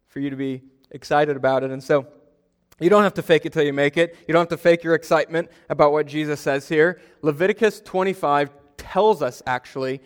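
A young man gives a sermon as pastor, his voice sitting a little higher than most men's. He talks in a loose, conversational way, telling stories and poking fun at himself. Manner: conversational storytelling, self-deprecating humor.

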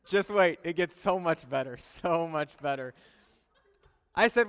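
A male pastor preaching, his voice a touch higher than most and clean and resonant. He tells stories conversationally, dropping soft and earnest, then rising loud and animated. The sound rings with the long reverb of a large hall. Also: slow, long pauses, clear, resonant tone. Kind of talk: sermon.

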